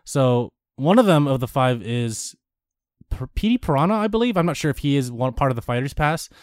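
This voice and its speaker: A man's voice: mid-range voice, sing-song, brisk, dry recording, clean studio sound. A young man on a podcast, chatting casually about games and rambling with restarts and fillers. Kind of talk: casual gaming chat.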